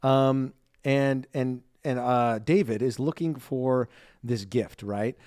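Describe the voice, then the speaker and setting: A man's voice: medium pitch, takes it slowly, darkish tone, dry recording. Upbeat male podcast co-host, chatty and loose, dry close recording. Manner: chatty, upbeat, filler-heavy. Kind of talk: casual chat.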